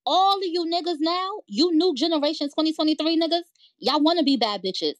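Blunt high-voiced woman lecturing. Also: lively intonation, fairly quick, no room sound. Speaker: podcast co-host. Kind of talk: casual banter.

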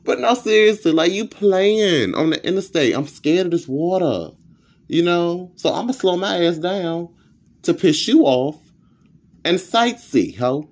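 A man hosting a podcast, telling a comedic, profane rant in an animated storytelling style. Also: a little slow. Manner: animated, profane storytelling with sudden pitch jumps. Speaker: podcast host.

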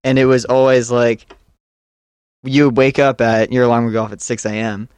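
A young man co-hosting a podcast, telling stories in an animated way and mimicking his friends. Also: medium pitch, moderate pace, smooth, no room sound. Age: young adult. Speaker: podcast co-host. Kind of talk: casual chat.

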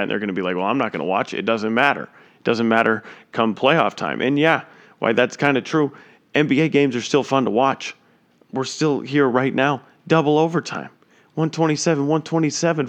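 A man talking through a live basketball game as a fan. His voice sits at an ordinary middle pitch, and he rambles casually between plays. At big moments he breaks into excited shouts. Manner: excitable, chatty, bursts into loud exclamations. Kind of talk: casual live play-by-play watch-along.

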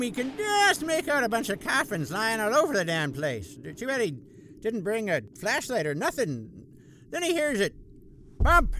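A man's voice: very high-pitched, heavily acted, poor audio. A man playing a sardonic, folksy uncle who tells bedtime horror stories on a comedy radio show. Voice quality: folksy drawl, dark deadpan asides. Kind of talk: comic radio-show storytelling.

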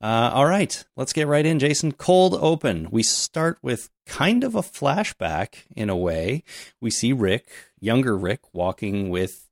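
A man from Canada, hosting a casual, joking podcast chat with filler pauses. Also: mid-range voice, animated, no echo, clean studio sound. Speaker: podcast host.

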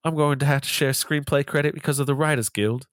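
A man's voice: fairly high pitch, steady tone, quick pace, fairly bright tone, no echo, voice pushed up, natural voice. A plaintive, whining Dickensian British boy, put on by a man. The voice is raised above the performer's own and sounds sorry for itself. The recording is dry and close. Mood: whiny. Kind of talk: comic impression of a celebrity.

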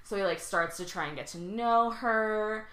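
A woman guest on a podcast, animatedly recapping a film in casual chat with profane jokes and quick asides. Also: medium pitch, fairly bright tone, reverberant.

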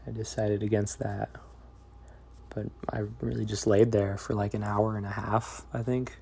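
A young man talking in a reflective, meandering, soft-spoken way in a confessional diary vlog. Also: on the low side, little pitch movement, normal speed, gravelly, breathy edge. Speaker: vlogger.

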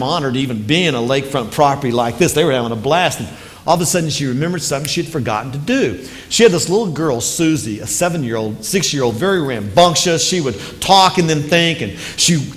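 A man's voice: a little high, fast talker. Earnest male preacher, repeating for emphasis. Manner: lively storyteller, speeds up in anecdotes. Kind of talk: sermon with storytelling.

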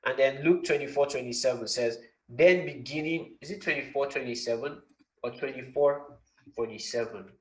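A young man with a Nigerian accent teaches a Bible class in a conversational, emphatic way, stopping to quiz his students. His voice sits at an ordinary middle pitch. The recording carries a noticeable roomy echo. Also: moderate pace.

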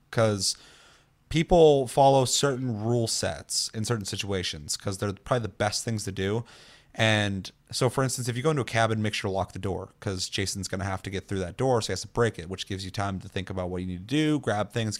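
A young man, a streamer, telling a gaming story in casual chat, swearing a lot and acting out other players' lines. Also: lowish voice.

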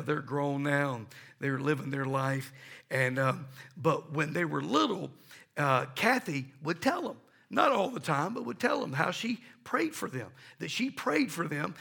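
A man's voice: high voice, vocal fry, sharp tone, husky. A middle-aged man preaching a sermon, telling stories and calling for responses from his congregation. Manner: emphatic, storytelling preacher. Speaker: pastor.

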